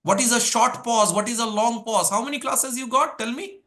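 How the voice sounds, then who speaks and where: High, bright-voiced coach. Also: male voice, normal speed. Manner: energetic, drills points with rhetorical questions and lists. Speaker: English speaking coach. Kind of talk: live workshop teaching.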